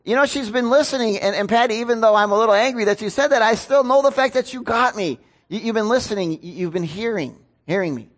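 A man's voice: high voice, fast, hardly any pauses, fairly bright tone. A man preaching a sermon as pastor, conversational and self-deprecating, often asking his congregation questions.

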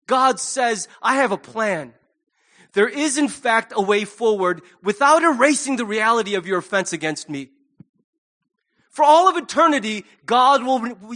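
High-voiced male pastor preaching casually. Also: fairly bright tone. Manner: conversational and humorous, with acted asides. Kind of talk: sermon. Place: church.

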